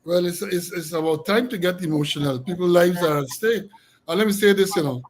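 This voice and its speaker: A man's voice: sits high, brisk, a little hiss or hum. A man from Guyana with a Guyanese accent, hosting a talk show and speaking critically and repetitively about government matters. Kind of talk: political talk show commentary.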